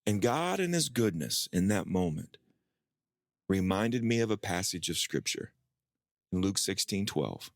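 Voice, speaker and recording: Male pastor, low voice, dry close sound, animated sermon storytelling; acts out dialogue. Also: unhurried, no echo. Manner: animated storyteller, acting out dialogue with rising pitch.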